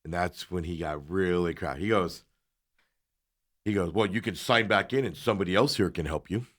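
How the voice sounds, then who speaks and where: Male talk host, lowish voice, casual anecdote, plays out both sides of the dialogue. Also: fairly quick, a bit bright. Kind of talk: casual storytelling chat.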